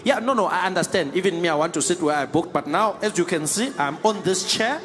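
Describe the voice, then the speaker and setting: A man's voice: high voice, lively intonation, brisk, fairly bright tone. A comedian voicing an easygoing South African man who took someone's plane seat, talking in a breezy, wheedling way with a South African accent. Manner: breezy, wheedling, ends lines with "eh".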